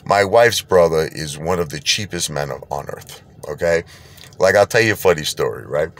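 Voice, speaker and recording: Man, very low voice, blunt rambling vlog rant. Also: normal speed, a bit bright. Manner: blunt, rambling, repeats himself. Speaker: vlogger. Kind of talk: casual rant to camera.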